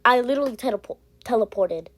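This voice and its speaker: A woman giving casual, rambling commentary while she plays a game, breathing heavily and getting excited easily. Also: a little high, fast talker. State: heavy breathing. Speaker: gamer. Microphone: iPad.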